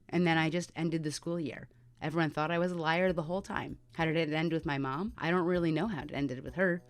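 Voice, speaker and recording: A woman vlogger telling a personal story to camera in a candid, conversational way, with many fillers. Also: on the low side. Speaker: mental health vlogger.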